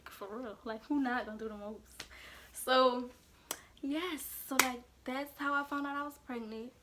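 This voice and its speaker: A young woman vlogger tells a storytime in a casual, chatty way, saying "like" all the way through. Her voice is high-pitched and steady at a measured pace, with background noise in the recording.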